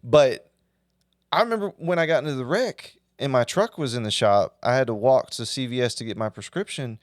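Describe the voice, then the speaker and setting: A man's voice: medium pitch, fairly quick, dry recording, studio quality. A young man from Texas co-hosting a podcast, talking in a laid-back, conversational way and steering the chat to new topics. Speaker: podcast co-host. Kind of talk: casual chat.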